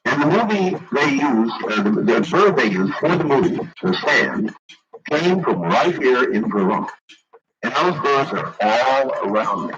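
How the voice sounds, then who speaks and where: A man hosting late-night call-in radio, talking slowly and deliberately with dramatic emphasis. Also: medium pitch. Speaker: radio talk show host. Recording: dull lo-fi 1990s radio broadcast with noise.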